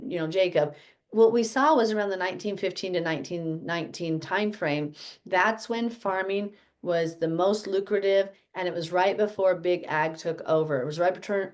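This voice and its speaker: A woman with a medium-pitched, darkish voice leads a casual health teaching chat for her fellowship group. She's chatty and rambles, correcting herself as she goes.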